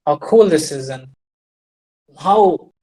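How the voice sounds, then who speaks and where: A man's voice: a little high, expressive, slow pace, dark tone, low-quality recording. A man giving a rambling, digressive casual monologue while sharing his screen, with wry, self-deprecating asides and frequent restarts. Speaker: commentator on farming trends.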